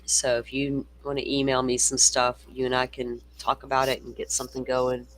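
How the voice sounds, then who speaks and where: Guy hosting a crime stream, cussing and ranting, pretty bright tense voice. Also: medium pitch, completely flat delivery, normal speed. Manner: profane, ranting, reads viewer comments aloud. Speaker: true-crime livestream host. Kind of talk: casual livestream chat.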